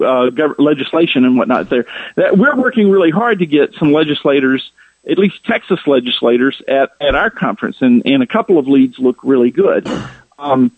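A man calling in as a guest, speaking in a hesitant, halting way with many fillers. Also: on the high side, husky, no room sound. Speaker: guest, conference organizer. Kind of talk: radio call-in interview. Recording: tinny phone line.

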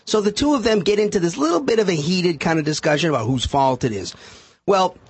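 A defense attorney appears as a guest on a radio talk show, animatedly telling a case story and acting out the quotes. His voice is high, brisk and husky, on a dry recording.

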